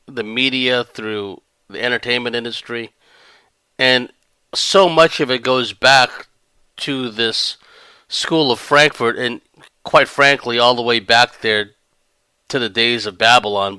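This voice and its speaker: Male podcast host, rambling sardonic commentary, smooth and resonant voice. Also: medium pitch, pushed and bright, dry recording. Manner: rambling, sardonic, breaks into laughter. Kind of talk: monologue commentary.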